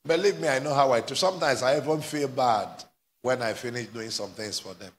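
A man's voice: mid-range voice, brisk. A male pastor, preaching a live church sermon and drawing call-and-response from the congregation. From Nigeria. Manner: exhorting, climbs to fervent shouting, prompts replies. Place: church service before a congregation.

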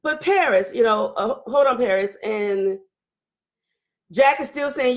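A hoarse woman hosting a casual livestream, talking loud and candid while she reads viewer comments. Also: fairly high pitch, animated, measured pace. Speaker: livestream host. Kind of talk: casual live chat reading viewer comments.

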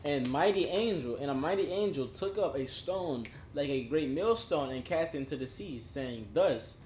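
A man's voice: fairly high pitch, lively intonation, a little mellow. Man reading scripture in an echoey room. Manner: slow, halting reading. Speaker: scripture reader. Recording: echoey room, faint background noise.

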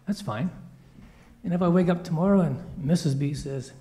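A man's voice: a little high, fast. Playful man telling a children's story. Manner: playful, animated storytelling with voiced quotes. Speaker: children's story speaker at church. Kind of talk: children's story in a church service.

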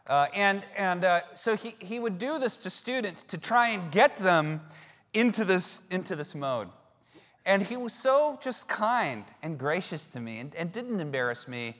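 A pastor in his thirties preaches a sermon, telling stories in a conversational, self-deprecating way. His voice sits high and is a bit bright, with long hall reverb on the recording.

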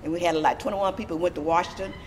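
Animated woman telling a story. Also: lowish voice, fast, a little hiss or hum. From Texas. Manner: lively, animated retelling with laughter. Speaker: disability advocate. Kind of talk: storytelling interview.

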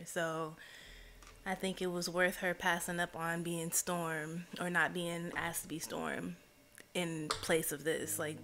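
A woman live streamer chatting casually with her viewers, emotional and expressive. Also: on the low side.

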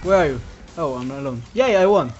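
A man hosting a casual gaming session with friends, playful and quick to protest. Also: fairly high pitch, expressive, darkish tone. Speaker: channel host, gamer. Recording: dull lo-fi mic with music behind.

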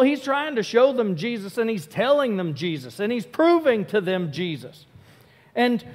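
A man preaching a casual sermon, talking conversationally, breaking off mid-thought and acting out quick asides. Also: high voice. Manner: conversational, self-interrupting, acts out quick asides. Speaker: pastor. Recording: hall reverb.

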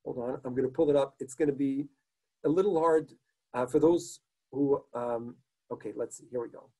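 A man's voice: medium pitch, normal speed, dark tone, rough recording. A man lecturing as a rabbi, telling stories in an earnest, emphatic way during an online talk, sharing his screen. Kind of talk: online lecture with story reading.

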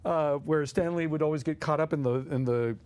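A man with a fairly high, clean-toned voice talks a little fast as a podcast guest co-host. He animatedly relates anecdotes, chuckling and mimicking voices along the way.

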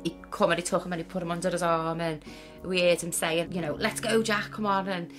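A woman interviewed in a news report, talking haltingly about her son. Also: on the low side, flat delivery. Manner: halting, with restarts. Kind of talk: emotional interview. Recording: news clip with music underneath. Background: soft music.

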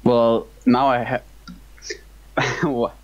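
A young man from Denmark with a Danish accent, chatting and laughing excitably while playing a co-op game with a friend. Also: mid-range voice, very slow, lo-fi sound. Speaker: gamer playing co-op. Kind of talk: casual gaming chat.

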